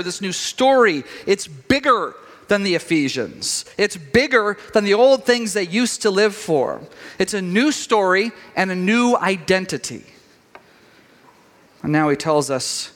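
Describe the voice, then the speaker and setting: A middle-aged man preaching a sermon, telling a story with animated quoted voices. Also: a little high. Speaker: pastor. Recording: long reverb of a large hall.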